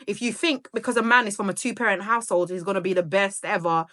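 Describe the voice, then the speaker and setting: This Sierra Leonean vlogger in her thirties is chatty and rambling as she talks casually to camera. Her mid-range voice is a bit bright, her intonation fairly even, and her pace quick.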